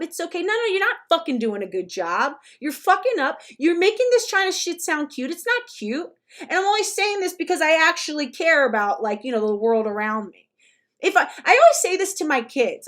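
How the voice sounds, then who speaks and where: A woman's voice: sits high, fairly bright tone. A woman giving ranting reaction commentary in a blunt, profane, emphatic way. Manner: blunt, profane and emphatic, with mocking put-on quotes. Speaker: commentary vlogger.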